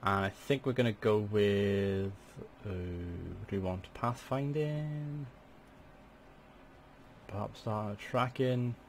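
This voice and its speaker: A young gaming channel host gives chatty let's play commentary at a desk microphone, swearing in sudden excited outbursts. His voice is on the low side, a little slow, and creaky, with slight background noise.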